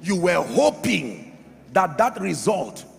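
A man preaching a sermon as pastor, emphatic, swinging from loud shouts to quiet drops. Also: high-pitched, very animated, takes it slowly, creaky, slight background noise. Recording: reverberant hall with faint music.

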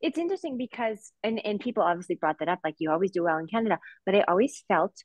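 A woman's voice: mid-range voice, animated, fast talker, no echo, rough recording. A woman in her thirties, a former figure skater, talking things through reflectively as a podcast guest, with many restarts and fillers. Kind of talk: podcast discussion.

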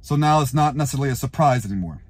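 A man giving an angry, profane fan rant to camera, breaking into shouted outbursts. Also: mid-range voice, lively intonation, very fast, husky, no echo. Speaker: YouTuber and football fan.

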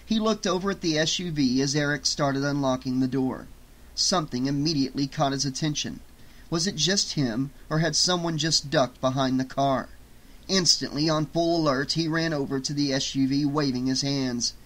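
Male audiobook narrator, slightly high voice. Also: normal speed. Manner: steady storytelling read. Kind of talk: scripted narration.

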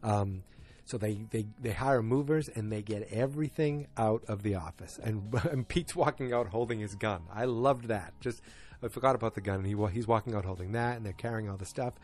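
A man's voice: lowish voice, a little fast, a little mellow, soft background music. A man hosting a podcast, recapping a TV episode in a casual, rambling and enthusiastic way. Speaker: podcast host.

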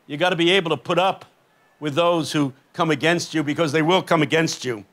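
A man's voice: a little high, brisk, a bit bright. An older man preaching a sermon on a festival stage, telling stories with impassioned emphasis. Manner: impassioned storytelling, rising to emphatic peaks.

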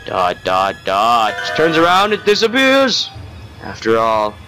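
A man's voice: medium pitch, sing-song, a little slow, music in the background. A young man giving sarcastic let's play commentary on a horror game. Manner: wry, sarcastic narration of the action. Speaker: gamer playing a horror game.

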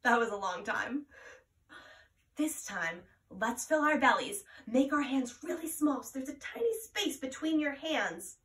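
A woman guides children through a playful mindfulness lesson, her voice high and bright with big, bouncy swings in pitch. She talks slowly and gently. The sound is roomy and a little distant, recorded at home. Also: lively intonation. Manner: gentle, playful, slow and encouraging. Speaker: children's yoga and music teacher. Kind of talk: kids' mindfulness lesson with singing. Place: at home, roomy indoor space. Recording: echoey room, voice from a distance.

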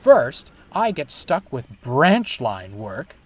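A man's voice: mid-range voice, huge pitch swings, takes it slowly, slightly rough, full character voice. A man voicing a vain, sulky male steam engine who complains dramatically.

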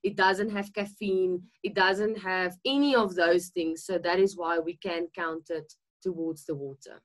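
A woman's voice: lowish voice, steady tone, measured pace. A woman with a South African accent giving a chatty nutrition talk on a video call, using tag questions and fillers. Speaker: nutritionist co-hosting a webinar. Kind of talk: explanatory webinar talk.

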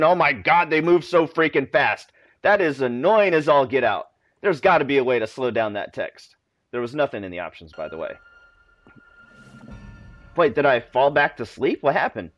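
A man's voice: medium pitch, very animated, normal speed, no echo, faint music behind. A man commenting in a jokey manner as he plays a video game, reacting aloud. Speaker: gaming video host. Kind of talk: let's play commentary.

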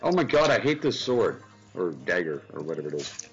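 A low-pitched man with a gravelly, fry-laden voice rambles and stammers while he plays, laughing often. His voice swings up and down a lot. The sound is lo-fi, with game music playing underneath. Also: sing-song, brisk. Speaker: gaming channel host. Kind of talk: casual gameplay chat.

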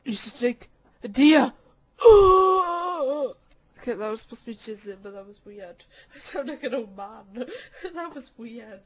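A woman's voice: a little high, normal speed, slightly rough. A young woman recording casual voice clips into a handheld mic at home, giggling, swearing and teasing playfully. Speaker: voice clip maker. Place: cold room at home.

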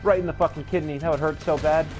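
A man's voice: on the high side, fairly even intonation, fast, darkish tone, faint music behind. A young man commenting casually while playing a video game, joking and swearing often. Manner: profane, joking. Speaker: gamer. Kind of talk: casual let's play commentary.

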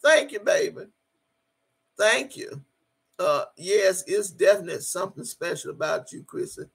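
A woman's voice: medium pitch, lively intonation, normal speed, creaky, slightly rough. A middle-aged woman hosting a casual livestream, reading out the chat and talking straight to viewers, emotional and swearing freely.

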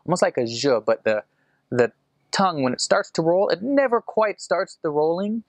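A man's voice: medium pitch, no room sound. American man with a dry, close sound. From United States. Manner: relaxed, rambling, with many fillers and restarts; demonstrates sounds slowly and carefully. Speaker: returned missionary explaining an accent. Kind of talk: casual explanatory talk.

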